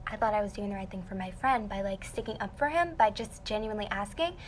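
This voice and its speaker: Chatting with fans during a casual livestream, a young female singer recounts a story dramatically and animatedly, filled with "like." Her medium-pitched voice moves quickly, and there is slight background noise.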